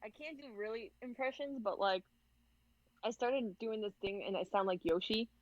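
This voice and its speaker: A woman's voice: a little high, moderate pace, dry recording, lo-fi sound. A woman guest on a gaming podcast, chatting casually and giggling through her stories. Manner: giggly, animated storytelling. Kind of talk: casual chat.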